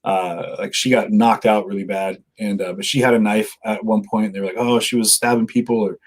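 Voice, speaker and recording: A man's voice: on the low side, steady tone, a little fast. A man telling rambling stories in casual conversation, often quoting himself and others mid-story. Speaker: live-streamer guest.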